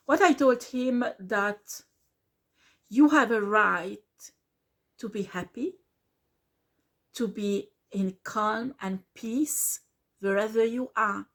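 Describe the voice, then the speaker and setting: Slow, earnest woman. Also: on the high side. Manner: earnest, repeats herself, slips into French words. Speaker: tarot reader. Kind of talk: casual spoken reading.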